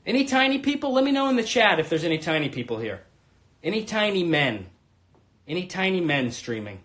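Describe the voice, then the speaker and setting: A man in his thirties hosts a comedy live stream from his room, speaking in a high, bright voice. He is brash and crude, rambling between loud bursts and low mutters. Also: very animated, brisk. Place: home room.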